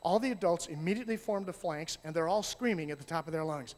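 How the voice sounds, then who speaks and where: A man telling lively stories to an audience as a youth ministry speaker, acting out voices and shouting at times. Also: on the high side, fast talker. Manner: animated, acts out voices and shouts. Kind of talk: storytelling talk to an audience. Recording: long hall reverb.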